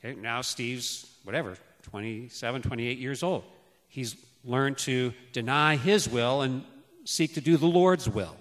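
A man's voice: medium pitch, unhurried. A man in his fifties giving a sermon on parenting, telling family stories and acting out how he called his children. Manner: storytelling, acts out calls to his children loudly. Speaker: preacher. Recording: long hall reverb.

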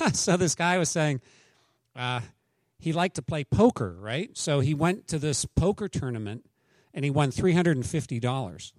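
Man, pastor, conversational sermon, joking, slightly high voice, dry sound. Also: lively intonation, moderate pace, darkish tone, no echo. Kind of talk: sermon with anecdotes.

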